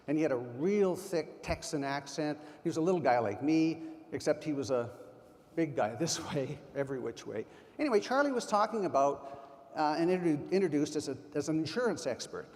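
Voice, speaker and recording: Man, 60s, keynote speaker; slightly raised pitch, punchy storytelling, echoing big hall. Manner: emphatic, anecdotal storyteller. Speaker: keynote speaker at a sales conference. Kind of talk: motivational conference talk. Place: large conference hall. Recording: long hall reverb.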